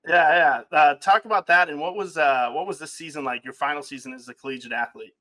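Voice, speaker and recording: A man's voice: a little high, quick pace, bright, forceful tone. A man hosting a podcast interview, asking long questions with many "uh"s and restarts. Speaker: podcast host.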